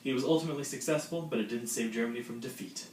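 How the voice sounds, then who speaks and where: A man's voice: medium pitch, rapid-fire, a little mellow, far from the mic. A teenage boy presents a school history project with dry, joking asides. He sits back from the mic in an echoey room. Faint background noise runs underneath. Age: late teens. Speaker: student presenter.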